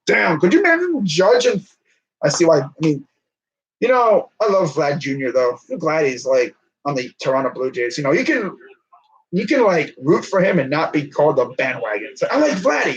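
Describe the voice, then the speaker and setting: A man's voice: a little high, lo-fi sound. A man streaming as a baseball fan, giving rambling, joking, slangy live commentary on a game.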